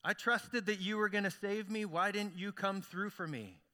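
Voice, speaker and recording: A man's voice: sits high, normal speed, pushed and bright, big-room sound. A man voicing a stubborn man who keeps refusing rescue, insistent and dismissive. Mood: aggrieved.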